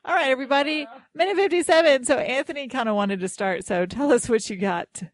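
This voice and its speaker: A woman's voice: high voice, fairly quick, no echo. A woman hosting a casual podcast chat, chatty and laughing often between her lines. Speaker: podcast host.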